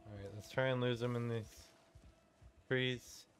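A man's voice: medium pitch, fairly even intonation, unhurried. A man giving let's-play commentary, reacting nervously to a game and swearing when things go wrong. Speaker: gaming YouTuber. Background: faint game music.

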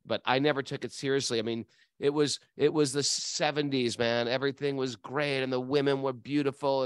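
A man's voice: medium pitch, smooth, no room sound, clean studio sound. A man co-hosting a casual spiritual talk, telling stories with animation and laughing easily. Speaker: podcast co-host. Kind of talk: casual spiritual chat, reading song lyrics.

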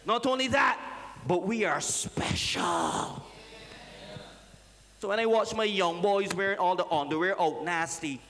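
Man, pastor, lively joking sermon, echoing church. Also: high-pitched, brisk, hardly any pauses. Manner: lively, joking, calls out to the congregation. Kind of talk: preaching a sermon. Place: church sanctuary. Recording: reverberant church hall.

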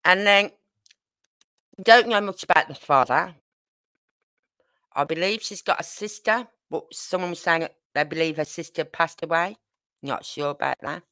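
A woman's voice: fairly low pitch, normal speed, pauses often, bright, forceful tone, dry recording, clean studio sound. An older woman from Birmingham with a Brummie accent, hosting a livestream in a rambling, chatty way with exasperated asides. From Birmingham, England. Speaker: true crime livestream host. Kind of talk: casual chat.

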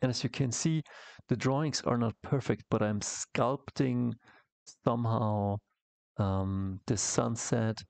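Brief: man, slow gravelly delivery, casual comic-art tutorial voice-over, dry close mic. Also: mid-range voice, steady tone, darkish tone, no room sound. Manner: rambling, halting, many fillers and restarts. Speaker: comic artist teaching.

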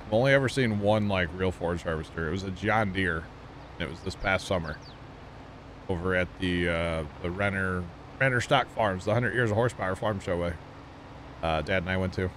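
Low and brisk with a fairly bright tone, a Midwestern man chats loosely with viewers during a game livestream, filling his talk with fillers. A little hiss or hum runs under the recording.

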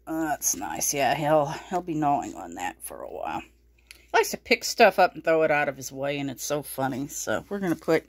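Woman, pet vlog host, low-ish voice, animated pitch, cooing at rabbits, slightly out of breath. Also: moderate pace. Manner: cooing baby talk to her rabbits. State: a little out of breath. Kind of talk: casual pet unboxing vlog.

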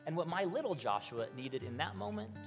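A man preaching as pastor in a church sanctuary, his slightly high voice carrying a long hall reverb. He speaks in a measured way, letting key phrases fall soft and low, while a faint guitar plays underneath. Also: sing-song. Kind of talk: sermon with personal storytelling. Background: soft guitar music.

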